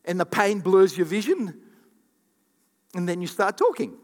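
A man preaching a sermon as a pastor, animated and repetitive, acting out the voices he quotes. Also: high-pitched, normal speed, in a large hall. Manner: animated, acts out quoted voices, repeats for emphasis. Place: church hall.

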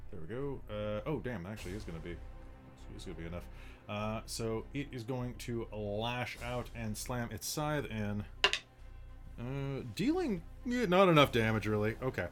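A man narrating a tabletop game as game master, in a casual, rambling way with plenty of fillers. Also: medium pitch.

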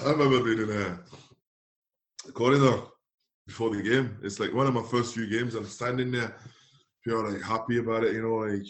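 A man from France with a French accent, a guest telling animated anecdotes in a casual interview, acting out quotes and laughing often. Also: mid-range voice, normal speed, pauses often. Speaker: guest, former footballer.

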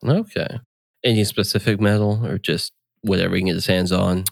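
A man's voice: sits low, steady tone, fairly quick, gravelly, dry recording. A man hosting a casual podcast chat, reading listener questions and laughing often. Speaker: podcast host and game master.

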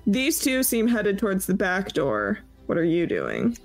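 A woman running a tabletop game as game master, narrating in a relaxed, hesitant way with many fillers. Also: medium pitch, unhurried, faint music behind, rough recording.

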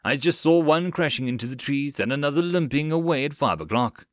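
A man's voice: fairly high pitch, expressive, brisk, dry recording, clean studio sound, close to an everyday voice. A man voicing a male rear gunner calling out reports. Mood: eager. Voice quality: yelling back.

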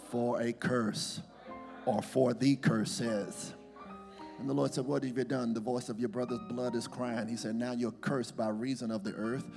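Male pastor with a gravelly voice preaching a sermon, long hall reverb, clear music behind. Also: mid-range voice. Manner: calls on congregation to repeat words. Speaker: senior pastor. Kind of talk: sermon with scripture reading. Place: church sanctuary.

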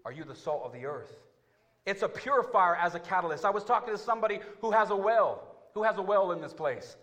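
A man preaching a sermon as pastor, talking straight to his church and building to loud, fervent climaxes. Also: high-pitched, lively intonation, fast. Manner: calls out to the congregation.

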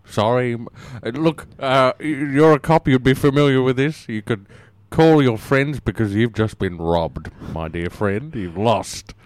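A man's voice: medium pitch, unhurried, hardly any pauses, dry recording. A man co-hosting a comedy podcast in a teasing, mock-formal way. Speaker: podcast co-host.

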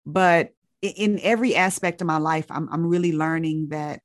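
A woman's voice: deep voice, normal speed, dry recording, clean studio sound. A woman doctor telling a reflective story in an earnest, searching way, often restarting her sentences.

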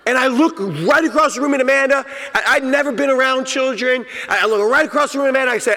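A man preaching a sermon as pastor, slow and emphatic, repeating his key phrases. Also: very high-pitched, sharp tone, big-room sound. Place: church sanctuary.

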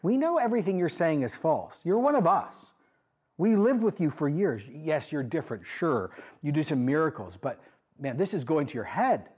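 A pastor acting out a skeptical hometown crowd confronting Jesus in casual modern slang, with a husky voice. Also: male voice, mid-range voice, animated, moderate pace, darkish tone. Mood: pleading. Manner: incredulous, pleading, talks in modern slang.

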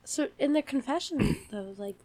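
A woman's voice: high voice, animated, moderate pace, crowd noise. A woman co-hosting a casual podcast, reacting with disbelief and frequent laughs. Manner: reactive, incredulous, laughs often. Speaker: podcast co-host.

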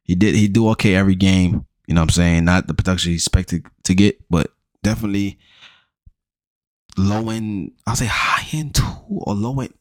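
Low-voiced man giving a slangy, profane recap. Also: creaky, dry recording, studio quality. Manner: slangy, profane, rambling, addresses listeners as bro. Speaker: fantasy football show host. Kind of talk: casual recap monologue.

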